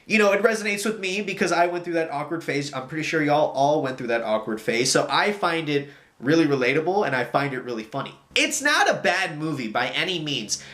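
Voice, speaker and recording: Animated, lively male movie reviewer. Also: on the high side, a little fast, echoey room. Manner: animated and exasperated, with mocking impressions. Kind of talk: casual opinion talk.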